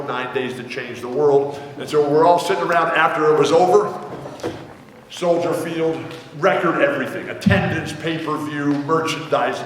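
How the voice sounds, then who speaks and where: A man in his sixties, a guest author telling rambling, animated anecdotes to a live theater audience, acting out the people he quotes. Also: a little high, far from the mic. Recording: echoey hall, mic heard from afar.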